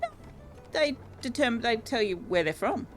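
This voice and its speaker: An Australian woman streams a game and offers casual commentary, chatty and amused, correcting herself as she goes. Her voice is on the high side with lively intonation at a normal pace, and soft music plays in the background.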